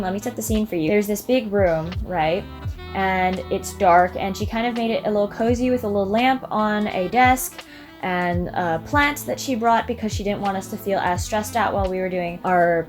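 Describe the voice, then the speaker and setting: A young woman telling stories straight to camera for her vlog. Her voice sits at a middle pitch, and she recounts events with vivid drama. Soft music plays faintly behind her. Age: young adult. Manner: dramatic, animated retelling. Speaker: vlogger. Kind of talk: casual storytelling to camera.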